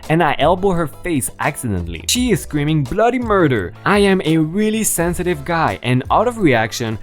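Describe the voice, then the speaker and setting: Guy reading reddit-style stories aloud for his channel, really expressive, voice goes up and down a lot. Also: on the high side, normal speed, faint music behind. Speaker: story channel narrator.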